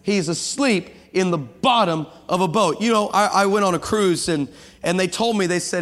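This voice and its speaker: A man preaching an energetic sermon as a guest pastor, acting out voices and calling out to the congregation. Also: high voice, fairly quick. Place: church sanctuary with long reverb. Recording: reverberant church hall.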